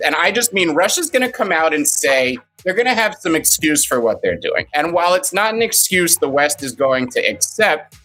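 A man's voice: fairly high pitch, bright, forceful tone. Man explaining markets over faint music. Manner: explains trading terms, rambling and playful. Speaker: co-host and market commentator. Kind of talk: casual live-stream chat.

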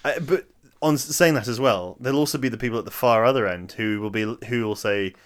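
A man's voice: mid-range voice, fast talker, clear, resonant tone. A man hosting a podcast in casual chat, laughing often and hesitating with fillers. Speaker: podcast host.

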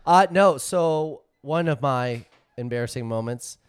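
A man in casual podcast chat, chiming in with quick teasing asides. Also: medium pitch, clear, resonant tone, no echo. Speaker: podcast co-host.

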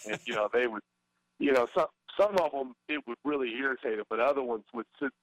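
A man's voice: mid-range voice, fast, dry recording, low-quality recording. A middle-aged man, a former baseball player, talking as a guest in a casual interview, hesitant with many fillers and restarts.

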